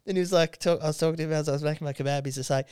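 Tipsy Australian man, smooth voice. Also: a little high, steady tone, very fast, darkish tone, no room sound, clean studio sound. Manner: swears constantly, laughs through stories. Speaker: podcast host. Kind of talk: casual drunk chat.

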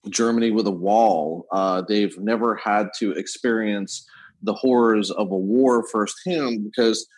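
Man, podcast guest, husky voice, low, rambling, restarts. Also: fairly even intonation, poor audio. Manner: fast-talking, digressive, many restarts. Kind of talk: casual podcast interview. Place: London.

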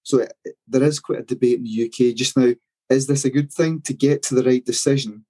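Co-host: man, mellow and slightly husky, calm and explanatory. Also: medium pitch, low-quality recording. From Scotland. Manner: measured, explanatory. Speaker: podcast co-host. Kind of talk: casual chat.

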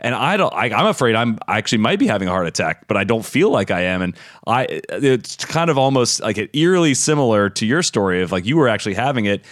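A man with a fairly low voice hosts a podcast interview and chats in a relaxed way. The sound is dry and close, with no room echo. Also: fast, hardly any pauses. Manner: relaxed, conversational, with fillers. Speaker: podcast host. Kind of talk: casual interview chat.

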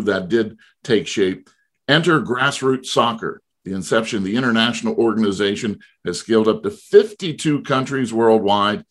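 A man hosting a sports interview show, reading formal introductions and questions in a measured way. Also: on the low side, fairly bright tone. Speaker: radio show host.

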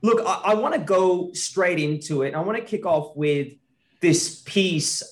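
A man's voice: sits high, a little slow. Chatty, enthusiastic male podcast host. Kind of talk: podcast intro and interview questions. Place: outdoors in a backyard.

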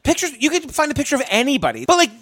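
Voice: high voice, wildly swooping pitch, rapid-fire, fairly bright tone, no room sound. A podcast co-host recapping a story in casual, chatty talk. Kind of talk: casual chat.

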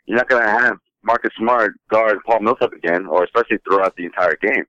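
A man with a low voice talks fast about sports and rambles with plenty of fillers. His audio sounds dull and lo-fi, and it is dry. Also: bright, forceful tone, no echo. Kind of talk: casual sports talk.

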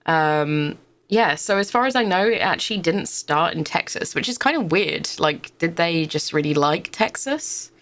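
Woman podcast co-host with a very lively pitch, giggly and hesitant. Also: moderate pace. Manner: hesitant, giggly, lots of fillers. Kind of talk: casual chat.

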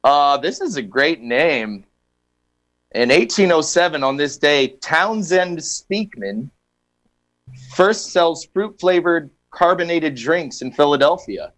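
A man's voice: fairly high pitch, lively intonation, takes it slowly, a bit bright. A man hosting a casual comedy radio show, reading history items and joking over a video call. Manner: jokey, reads history items with asides.

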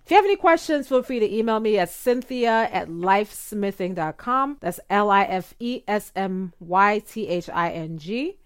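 A woman hosts a podcast as a speech coach, talking listeners through tone of voice. She explains plainly and acts out softer phrasings with a rising lilt to show her point. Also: mid-range voice, lively intonation, normal speed, hardly any pauses, clean tone. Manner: demonstrates tones, rising uptalk in quoted examples. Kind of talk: instructional podcast talk.

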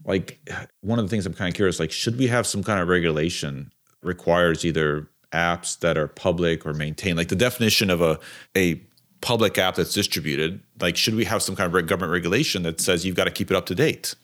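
A man's voice: sits low, a little fast, a bit bright. A man co-hosting a podcast, asking questions and adding wry, sarcastic asides. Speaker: co-host. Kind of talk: casual conversation.

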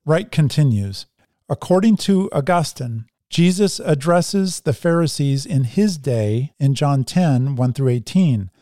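Mellow-voiced man teaching scripture. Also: on the high side, expressive, unhurried, no echo, studio quality. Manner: conversational lecturing, reads quotes aloud. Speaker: Bible teacher.

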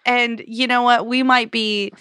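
Bright-voiced woman joking on a podcast. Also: on the high side, a little slow, clear, resonant tone, no room sound, clean studio sound. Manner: animated, jokey, acts out quotes. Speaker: podcast co-host. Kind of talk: casual chat.

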